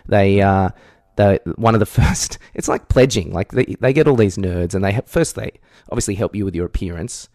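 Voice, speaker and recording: Male podcast co-host, lowish voice, stop-start delivery, dry close recording. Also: darkish tone, no room sound. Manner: halting, many restarts and fillers, chuckles. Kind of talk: casual chat.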